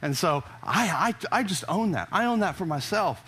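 A man's voice: high voice, big pitch swings, moderate pace, pushed and bright, husky. A man preaching a sermon to his congregation in an emphatic, conversational way, often restarting his phrases. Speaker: pastor. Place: church service before a congregation.

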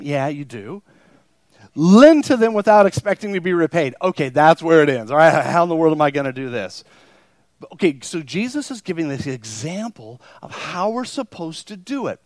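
In a sing-song, slightly high voice at normal speed, a man preaches a sermon to his congregation during a church service, with no echo on the recording. The pastor is emphatic, repeats phrases for stress, and often acts out his listeners' imagined reactions.

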